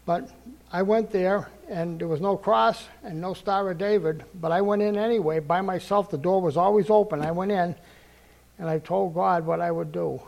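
Gravelly high-voiced older man preaching. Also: fairly even intonation, normal speed, darkish tone, muffled recording. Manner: earnest storytelling, acts out quoted dialogue, repeats phrases. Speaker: preacher giving testimony. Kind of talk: sermon testimony.

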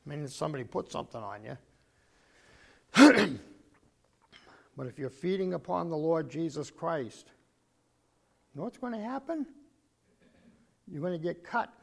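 Gravelly older man preaching a sermon. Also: on the high side, very animated, moderate pace, long pauses, a little mellow. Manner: frequent throat clearing, emphatic bursts.

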